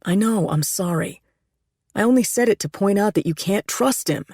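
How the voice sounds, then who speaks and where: A woman's voice: mid-range voice, normal speed, a little mellow, slightly rough, no room sound, clean studio sound, pitched above the performer's own voice. A woman reading a desperate, pleading man. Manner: urgent, raised, pleading delivery.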